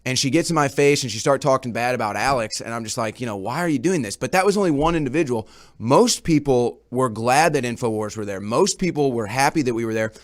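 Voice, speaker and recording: A man's voice: medium pitch, fast talker. A man reporting on a talk show, casually recounting events in a rambling way and often repeating his words.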